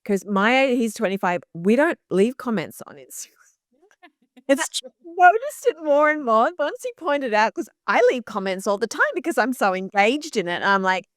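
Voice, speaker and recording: A woman in her fifties, a podcast guest, telling stories in a warm, animated way and laughing easily. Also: a little high, moderate pace, no room sound, studio quality. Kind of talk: interview conversation.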